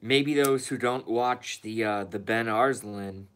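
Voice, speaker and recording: A man's voice: lowish voice, slow, fairly bright tone, smooth. A man streaming a rambling, profane rant in a casual monologue, emphatic and cursing freely.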